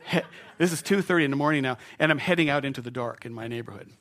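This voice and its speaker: A middle-aged male pastor preaching a storytelling sermon in an animated, self-mocking way, chuckling as he goes. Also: medium pitch, rapid-fire.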